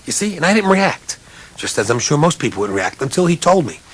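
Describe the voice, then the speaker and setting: In a humorous speech, a college basketball coach tells an animated, self-mocking story, his voice jumping high in pitch whenever he imitates other people. He's male, talks fairly quickly, and has a breathy edge.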